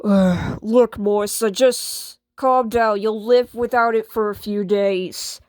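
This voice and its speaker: A woman's voice: medium pitch, fairly even intonation, slow pace, few pauses, darkish tone, no echo, studio quality. A woman playing the boss in a homemade skit, patient but firm and scolding.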